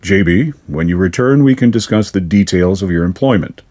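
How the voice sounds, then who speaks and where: Man playing a sinister fairy lord, formal, silky, low dark husky voice. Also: animated. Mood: courteous menace. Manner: formal, measured, silkily polite. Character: smooth, courteous sinister male fairy lord.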